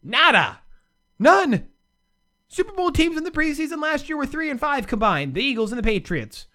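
Ranting sarcastically on his solo sports commentary show, this American man lets his voice swing widely. It is very high-pitched and sharp in tone, animated, and quick.

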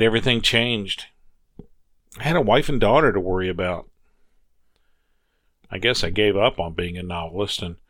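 A man narrating a first-person story as an audiobook reader, measured and reflective. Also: low voice, fairly bright tone, no room sound.

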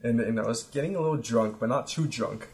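A man's voice: mid-range voice, fairly quick, darkish tone. Rambling profane guy in his twenties. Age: 20s. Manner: rambling, profane, many fillers and restarts. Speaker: podcast co-host. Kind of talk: casual storytelling chat.

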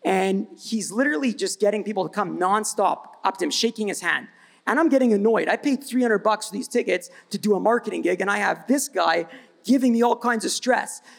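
Male panelist, high and gravelly, energetic blunt storytelling at a live event. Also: brisk. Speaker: brand founder, panelist. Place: event stage before live audience.

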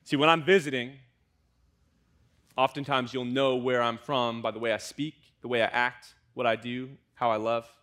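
A young American man, a student pastor, preaching a conversational sermon with lively asides to the congregation. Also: mid-range voice, moderate pace, clean tone. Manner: conversational, animated preaching with fillers and audience asides.

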